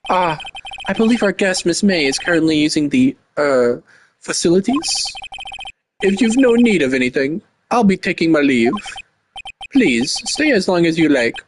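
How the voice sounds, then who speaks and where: A man's voice: a little high, sing-song, moderate pace, slight background noise. A man doing a fussy, formal young bellboy. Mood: polite. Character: overly polite young male hotel bellboy. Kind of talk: voice acting a game playthrough.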